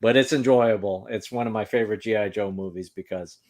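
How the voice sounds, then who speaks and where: A man hosting a casual chat, speaking haltingly with many fillers and breaking into laughs. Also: fairly low pitch, a little mellow. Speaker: host.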